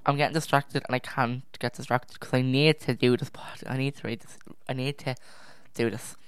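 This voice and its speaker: Young true crime podcast host, casual and easily distracted, clear voice, dry home mic. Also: medium pitch, steady tone, normal speed, no echo. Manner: rambling, self-correcting, easily distracted; sighs and drops to a near whisper at times. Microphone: own podcast microphone.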